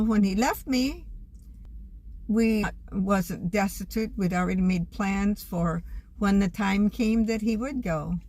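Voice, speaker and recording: An older woman talking to camera in a homespun, earnest way, gently sharing her faith. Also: mid-range voice. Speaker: vlogger. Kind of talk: casual reflective monologue.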